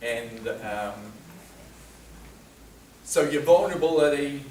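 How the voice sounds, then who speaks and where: A man with a medium-pitched, expressive, somewhat dark voice speaks slowly, telling conversational anecdotes at a men's health talk. This informal lecture was picked up by a distant mic in a roomy hall, with faint ambience and a little hiss or hum.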